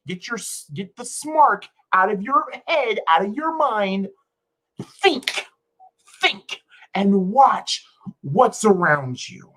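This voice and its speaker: Woman streamer, livestream rant, swooping animated voice, swearing and exasperated. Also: mid-range voice, low-quality recording. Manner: exasperated, profane, repetitive ranting. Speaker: wrestling streamer.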